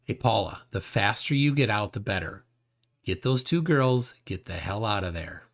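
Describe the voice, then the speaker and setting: A man's voice: fairly low pitch, animated. A man hosting a livestream, talking casually and hesitantly with many fillers while reading viewer comments. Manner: unhurried, halting with many fillers. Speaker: livestream host. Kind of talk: casual live-stream commentary.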